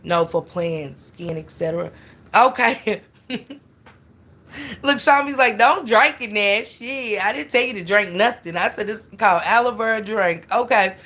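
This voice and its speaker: A woman's voice: medium pitch, lively intonation, normal speed, fairly bright tone. A middle-aged woman, chatting casually on a livestream and greeting her viewers by name.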